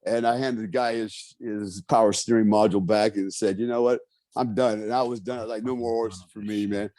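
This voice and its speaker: A man's voice: lowish voice, normal speed, dry recording. A man telling a story in a casual interview, swearing freely and acting out the voices of the people in it. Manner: profane, animated, acts out quotes. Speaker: guest.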